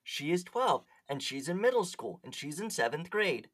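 Giggly co-host, mid pitch, filler-heavy reads. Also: big pitch swings, moderate pace. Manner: giggly, reads chat logs aloud with filler words. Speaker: podcast co-host. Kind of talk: casual podcast chat.

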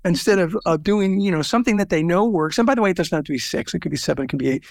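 Older man, interview guest, analogies and anecdotes, dry close sound, fry in the voice. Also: high-pitched, rapid-fire, dry recording. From Southern California. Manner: storytelling with quoted voices and analogies. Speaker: guest, networking organization founder. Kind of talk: interview conversation.

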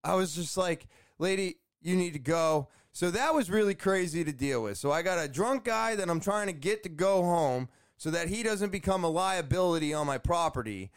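Man, high voice, casual vlog storyteller, animated and exasperated, cursing freely. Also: a little fast, few pauses. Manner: animated, exasperated, swears often. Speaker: vlogger telling a story. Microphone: camera facing speaker.

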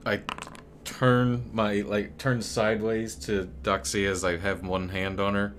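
Low-voiced man joking at a game table. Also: little pitch movement, a little slow, fairly bright tone, slight background noise. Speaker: player. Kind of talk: casual tabletop play.

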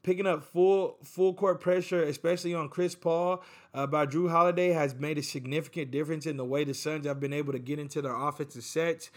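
A man's voice: on the high side, steady tone, a little fast. A man hosting a casual sports recap, talking in a rambling, chatty way with frequent fillers and restarts. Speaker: sports podcast host.

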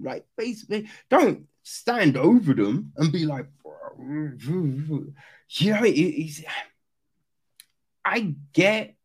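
Husky animated man critiquing a film. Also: a little high. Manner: animated, swears, acts out quoted lines. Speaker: reviewer.

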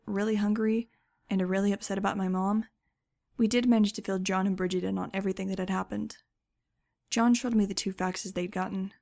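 Woman narrator, first-person audiobook, wry and measured, gravelly voice. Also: medium pitch, a little mellow.

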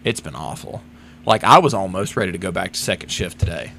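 A young man with a low, creaky voice talks briskly over faint background music. He's co-hosting a podcast, telling a work story in casual chat with animated delivery, swearing freely and acting out what others said.

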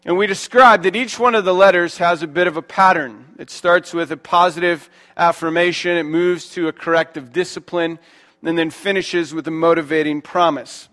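A man in his thirties preaching a sermon, talking casually with fillers and reading scripture more quietly. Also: moderate pace. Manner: conversational, animated preaching with fillers like "like" and "right?"; reads scripture aloud in a lower, quieter voice. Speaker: pastor.

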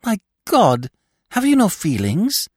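A man's voice: high voice, huge pitch swings, slow pace, darkish tone, husky, no echo, studio quality, pitched above the performer's own voice, full character voice. A man voicing an indignant young woman who reproves her father.

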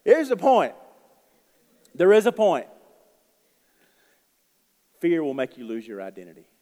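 A man preaching a sermon, telling stories and swinging between quiet asides and loud, emphatic bursts. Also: fairly high pitch, huge pitch swings, measured pace, in a large hall. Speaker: pastor.

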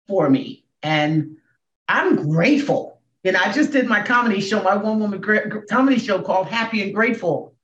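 A woman in her sixties, a comedian and speaker, telling her story as a podcast guest with emphatic swings in pitch and volume. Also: animated, moderate pace. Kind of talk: emotional storytelling in a podcast interview. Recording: echoey, dull room sound.

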